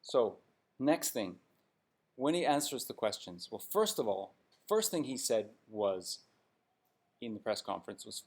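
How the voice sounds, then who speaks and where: A man's voice: on the low side, very animated, a little slow, long pauses. A man giving blunt, sarcastic hockey commentary in an opinionated vlog rant.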